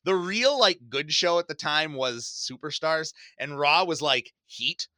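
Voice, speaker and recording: Guy cohosting a podcast, super bright voice, laughs a lot, dry close mic. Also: a little high, unhurried, no echo. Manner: animated storyteller, laughs often. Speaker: podcast co-host. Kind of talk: casual chat.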